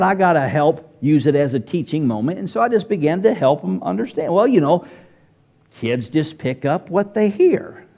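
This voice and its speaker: A man's voice: sits high, darkish tone, dull audio. A man with a Southern US accent preaching a sermon in church, asking the congregation questions directly. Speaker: pastor.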